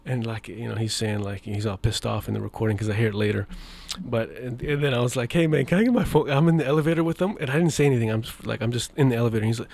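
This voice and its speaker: A young man telling stories in a casual podcast chat, animated and laughing as he acts out what others said. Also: mid-range voice, quick pace, creaky, hardly any pauses. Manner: animated, acts out quoted voices, laughs often. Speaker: podcast guest, media founder.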